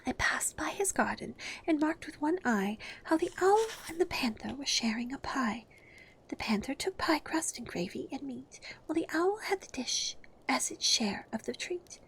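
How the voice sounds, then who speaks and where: A woman voicing the young girl Alice in a whispered role-play, in a soft, hushed, high voice. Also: animated, measured pace, breathy edge, heavily acted. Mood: nervous recital.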